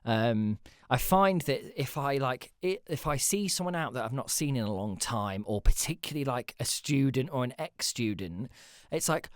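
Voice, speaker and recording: A man's voice: mid-range voice, lively intonation, moderate pace, dry recording, studio quality. A man hosting a casual solo podcast, rambling and self-deprecating, with the odd swear word. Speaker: podcast host.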